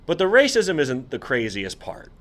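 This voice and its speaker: A man's voice: on the high side, moderate pace. A man co-hosting a casual podcast chat, walking through an old comic book with an incredulous, amused manner. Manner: animated, amused, incredulous storytelling. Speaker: podcast co-host.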